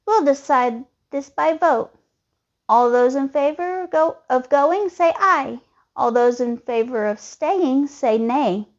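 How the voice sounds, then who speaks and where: A woman doing shrill greedy freeloading critters. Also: lively intonation, slow, exaggerated voice. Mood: smug. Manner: shrill, demanding. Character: greedy bossy pack of small animal guests. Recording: dull lo-fi recording.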